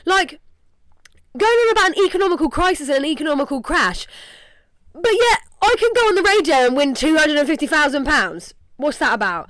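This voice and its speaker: High-voiced English woman talking candidly. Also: lively intonation, fairly quick, fairly bright tone, dry recording. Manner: rambling, emotional, heavy use of "like". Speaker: podcast host. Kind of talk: candid casual podcast talk.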